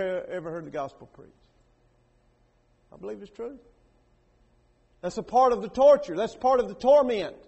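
A man preaches a sermon. He drops to hushed, low lines, then breaks into loud, raised bursts, repeating words and firing questions at the congregation.

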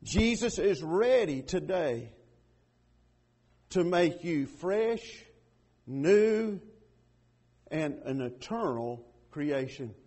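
A man preaching an impassioned sermon, swelling loud and then dropping to a hush. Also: on the high side, expressive, drawn-out words, long pauses. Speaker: pastor.

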